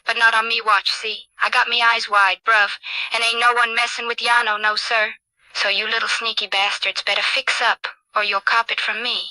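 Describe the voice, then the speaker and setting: Cartoon ostrich enforcer, cocky and slangy, put on by a woman, bright piercing tone, dry close sound. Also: a little high, little pitch movement, normal speed, dry recording, poor audio. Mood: swaggering. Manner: slangy, tough-talking threats. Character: brash streetwise male ostrich watchman.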